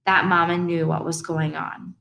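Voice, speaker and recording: A woman reading an audiobook voices a stern, devout babysitter who scolds slowly and calls on the Lord. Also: lowish voice, little pitch movement, gravelly, sharp tone. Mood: scolding. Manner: slow, scolding, talks of the Lord.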